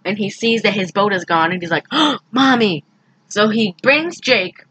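Animated woman recapping a movie. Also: moderate pace, breathy edge, no echo, rough recording. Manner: animated, laughing, acts out lines in loud high voices. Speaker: podcast co-host recapping a movie. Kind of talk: casual chat.

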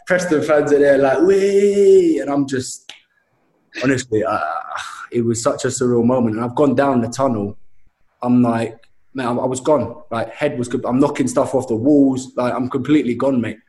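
A man's voice: mid-range voice, normal speed, echoey room. A young man telling a story animatedly in a casual chat, with frequent restarts and slang. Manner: animated storytelling, says mate a lot.

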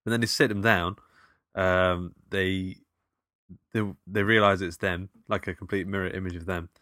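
A man co-hosting a casual film review podcast, jokey and halting, with many ums. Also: low voice, steady tone, bright, forceful tone, no echo, studio quality. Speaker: podcast co-host.

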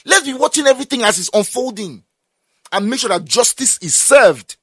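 A young Nigerian man with a Nigerian accent in emphatic, animated casual conversation, often breaking into laughter. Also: very high-pitched, moderate pace, slightly rough, no echo. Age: young adult. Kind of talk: casual chat.

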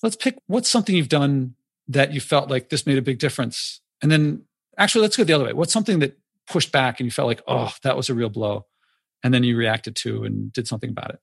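A man hosts a conversational interview, feeling his way through his questions with fillers and restarts. His mid-pitched voice has a gravelly fry, and the recording is dry and close. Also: no room sound. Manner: halting, searching for words.

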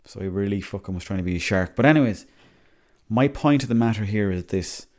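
A young Irish man talks through his week on a solo podcast, wandering from story to story and cursing freely. His voice sits a little low and comes across mellow and soft-edged. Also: a little fast. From Ireland. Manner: rambling, chatty, swears freely. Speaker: podcast host. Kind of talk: casual solo podcast monologue.

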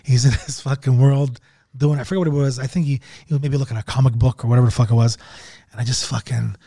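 A man's voice: fairly even intonation, fast, warm tone. A male comedian telling a story on a podcast in casual chat, swearing constantly and acting out quoted dialogue. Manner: acts out quoted dialogue with big pitch jumps. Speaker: comedian guest.

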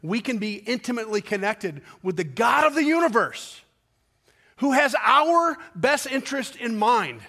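A male pastor preaching a sermon, pausing for effect and building to emphatic peaks, with quick asides as he tells a story. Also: very high voice, very animated, pushed and bright. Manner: preaching with dramatic pauses and rising emphasis.

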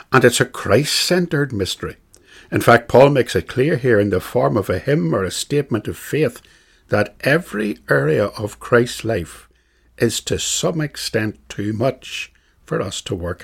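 A man teaching a catechism class on a bible passage, speaking in a measured, emphatic way and repeating phrases for stress. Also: lowish voice, vocal fry, breathy edge.

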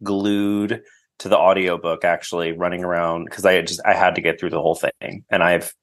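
A man's voice: sits low, level tone, normal speed, a bit bright. A man as a podcast guest, chatting casually and enthusiastically with lots of fillers. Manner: enthusiastic, gushing, filler-heavy.

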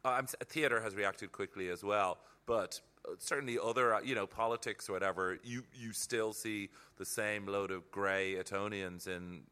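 Casting note: man comic, low bright voice, reflective storyteller. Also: fairly even intonation, moderate pace, few pauses, clear, resonant tone. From Ireland. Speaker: comedian guest. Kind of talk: casual chat.

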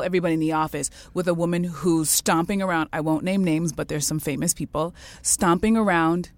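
A woman co-hosting a podcast, telling a story in casual chat, animated and blunt with the odd swear word. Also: low voice, no room sound. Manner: animated storyteller, swings into loud quoted outbursts, swears. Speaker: podcast co-host.

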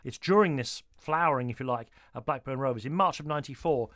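A man's voice: medium pitch, fast, a bit bright, no room sound, clean studio sound. A man interviewing a former footballer, asking questions in a conversational, teasing way.

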